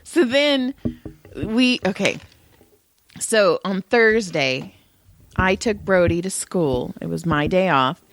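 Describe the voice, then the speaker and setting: Animated storytelling woman. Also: on the low side, takes it slowly, long pauses, slight background noise. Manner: animated storytelling, acts out voices, swears. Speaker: podcast co-host. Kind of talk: casual chat.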